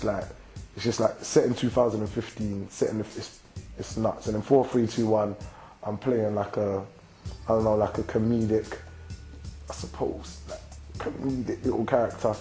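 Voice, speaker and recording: With a lowish voice on a rough recording, a twenty-something London rapper and actor fields interview questions casually. Slang runs through everything he says, and "you get me" keeps popping up at the ends of his sentences.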